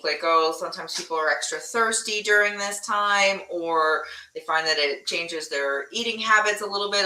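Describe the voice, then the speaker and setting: A woman's voice: lowish voice, bright, forceful tone, roomy sound, distant mic, rough recording. A woman participant asking questions hesitantly, with many fillers and restarts. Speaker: meetup participant. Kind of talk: casual questions.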